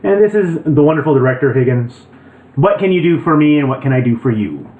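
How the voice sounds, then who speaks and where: A man's voice: fairly high pitch, lively intonation, fairly quick. A man playing his character in a tabletop game, blunt and pushy in his questions. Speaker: player. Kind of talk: tabletop role-play. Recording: tinny and roomy.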